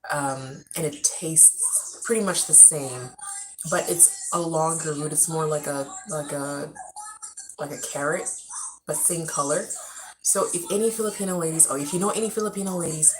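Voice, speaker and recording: A woman's voice: sits low, moderate pace, noisy background. A young woman from Africa, chatting casually and rambling on a live stream from her home. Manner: chatty, rambling, animated storytelling.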